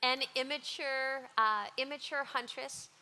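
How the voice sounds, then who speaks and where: A woman's voice: high voice, fairly even intonation, measured pace, pushed and bright, clean tone. A woman, the speaker's wife, chiming in lightly and laughing as she talks. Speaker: speaker's wife, joining the talk. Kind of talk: casual talk.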